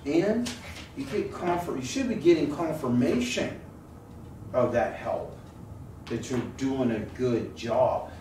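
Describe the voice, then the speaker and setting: A pastor with a mellow, mid-range voice preaches slowly and expressively, mixing humor and stories into a relaxed sermon while urging his flock to respond. Sound was picked up in the church sanctuary by a distant mic, so it's roomy and noisy.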